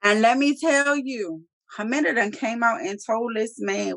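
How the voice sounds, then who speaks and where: A woman's voice: a little high, a little slow, hardly any pauses, fairly bright tone, no echo. A woman co-hosting a reality TV recap, blunt and emphatic, repeating her punchlines and swearing freely. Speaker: podcast co-host. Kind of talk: casual reality TV recap chat.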